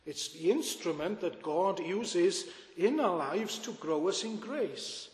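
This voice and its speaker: A man's voice: sits high, expressive, slow. A man preaching a sermon as pastor, earnest and full of rhetorical questions to his congregation. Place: church. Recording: echoey church with long reverb.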